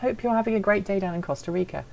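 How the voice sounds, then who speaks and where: A woman's voice: mid-range voice, very fast, gravelly, a little mellow, lo-fi sound. A woman hosting a casual live stream, chatting and answering viewer comments in a playful, self-deprecating way.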